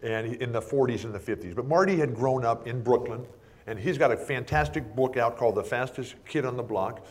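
A man telling lively anecdotes in conversation, often laughing and acting out what others said. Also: medium pitch. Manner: animated anecdotes, laughs often, acts out quotes. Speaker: broadcaster. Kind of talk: storytelling in conversation.

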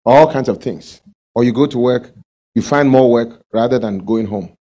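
A man's voice: medium pitch, moderate pace, dark tone. A male pastor preaching a sermon, asking the congregation questions and acting out everyday quarrels.

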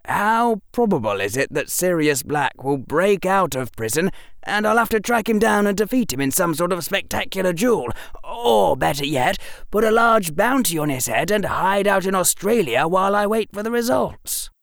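A precocious young boy wizard, quick-witted and flippant, as a male reader voices him. He talks with wry, rambling energy, the voice lifted well above a man's usual range and swinging animatedly. Close, dry sound with some gravel. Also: high voice, very animated, a bit bright, no room sound, voice pushed up, exaggerated voice. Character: precocious eleven-year-old boy wizard, clever and flippant. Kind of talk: audiobook character voice.

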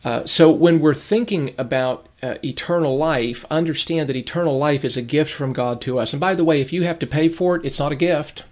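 A man's voice: on the high side, fairly quick, hardly any pauses, darkish tone. A man giving sermon-style Bible teaching, earnest and emphatic, repeating key phrases for stress.

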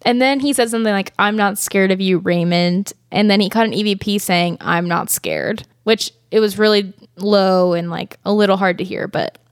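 Young woman host, chatty and giggly, mid pitch, dry studio sound. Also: moderate pace, few pauses, clean tone, no room sound. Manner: giggly, rambling, many fillers. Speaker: podcast host. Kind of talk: casual chat recapping a ghost show.

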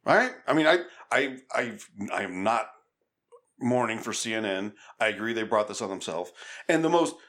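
A man co-hosting a casual political chat, talking in a measured, wry way. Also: on the low side, expressive, a bit bright.

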